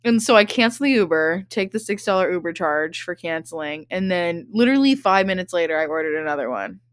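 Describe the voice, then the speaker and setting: A woman's voice: lowish voice, lively intonation, fairly quick, clean tone, no echo. A young woman in her twenties hosting a podcast, telling a rambling, profane story in casual chat and laughing often. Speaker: podcast host.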